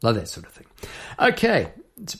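A man's voice: mid-range voice, huge pitch swings, moderate pace, gravelly, fairly bright tone. A man, a songwriter hosting an episode, explains his lyrics in a chatty, rambling way with many asides and tag questions. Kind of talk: casual explanation of song lyrics.

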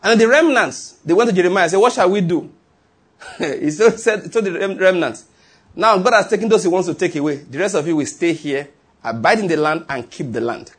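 Preacher man, repeats himself and chuckles a lot, kinda husky. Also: high-pitched, animated, fairly quick, a bit bright. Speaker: pastor. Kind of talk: sermon.

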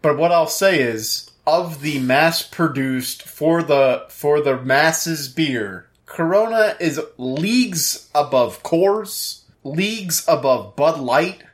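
A man's voice: a little high, expressive, slow pace, few pauses. A young man co-hosting a podcast, rambling and wry in casual chat. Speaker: podcast co-host.

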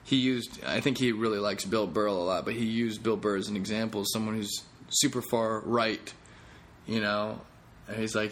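Low-pitched man, comedian podcast host, rambling casual monologue, faint noise behind. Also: steady tone, normal speed. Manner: rambling, jokey, self-deprecating.

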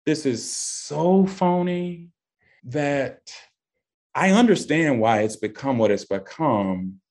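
A man, answering interview questions with passion and emphasis. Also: darkish tone. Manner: passionate, emphatic, voice rising high when stressing points. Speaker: guest. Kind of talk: impassioned interview talk.

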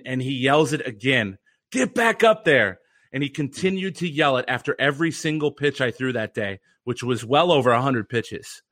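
A man's voice: medium pitch, fairly bright tone. A young man telling an earnest, reflective story as a podcast guest. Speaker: guest, former pitcher and mental conditioning coach.

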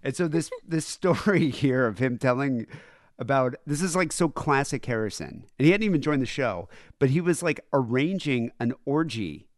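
A man's voice: mid-range voice, expressive, moderate pace, no room sound, clean studio sound. A man hosting a casual podcast, rambling and laughing, with a nasal voice. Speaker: podcast host. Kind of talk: casual chat playing old clips.

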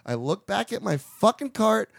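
A man's voice: sits high, big pitch swings, moderate pace, gravelly, no echo. A man chats on a podcast in a small studio, his voice sitting a bit above the usual male range. He rambles through a long anecdote full of swearing, acting out quotes and breaking into laughter. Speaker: podcast host. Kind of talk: casual storytelling chat.

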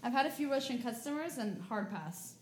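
A woman co-hosting a podcast in casual chat, speaking English as a second language, blunt and sweary and quick to laugh. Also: fairly high pitch, lively intonation. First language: not English. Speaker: podcast co-host. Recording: echoey room, faint noise.

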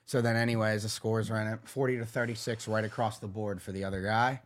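A man with a Pittsburgh accent telling a story in an animated, casual way on a podcast, often acting out what people said. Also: lowish voice, fairly quick. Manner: animated, swears when heated, acts out quotes. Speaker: MMA manager, podcast guest.

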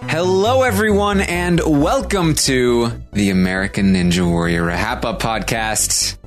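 A man hosting a podcast in a loose, chatty way. His pitch swings widely as he talks. He pokes fun at himself and slips in quick apologies. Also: expressive, faint music behind. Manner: self-mocking, joking, apologetic. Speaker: podcast host. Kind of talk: casual podcast chat.

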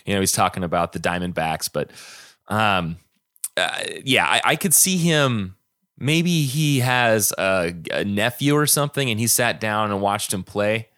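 A man's voice: lowish voice, measured pace, a bit bright, clear, resonant tone, no echo, studio quality. A man co-hosting a podcast in casual chat, rambling and easygoing. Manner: rambling, restarts and hedging, easygoing. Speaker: podcast co-host.

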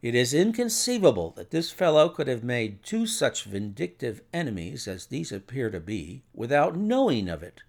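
A man doing a sure, gravelly detective. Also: mid-range voice, sing-song, moderate pace, hardly any pauses. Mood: reasoning. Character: sharp, confident male detective.

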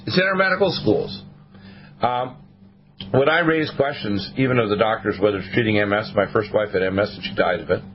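Male talk radio host, preachy and rambling, slightly dull broadcast sound. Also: medium pitch. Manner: rambling, sermon-like, quoting the Bible.

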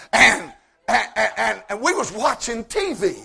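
A man preaching a sermon in a folksy, joking way, repeating words as he builds up and rising to shouts at his high points. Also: sing-song, slow pace, gravelly, breathy edge. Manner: repeats words when starting sentences.

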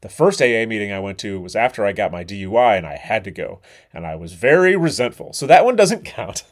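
A middle-aged man, hosting a podcast and talking bluntly and candidly, with frequent swearing. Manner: blunt and profane, animated swings in pitch and volume. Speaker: podcast host. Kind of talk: candid monologue.

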